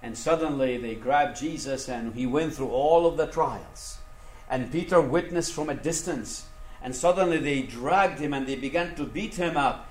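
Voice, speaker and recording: In an echoey room, a man delivers a sermon at normal speed, dropping into quiet, low stretches and then rising into loud, emphatic ones. He also asks the congregation questions and waits for their answers.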